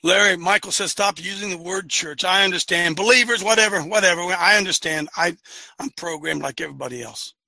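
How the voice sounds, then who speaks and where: Fiery, very high-voiced preaching man. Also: fairly quick, creaky, no room sound. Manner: fiery, often shouting. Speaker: host and preacher of an online show. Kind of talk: impassioned preaching to a live audience.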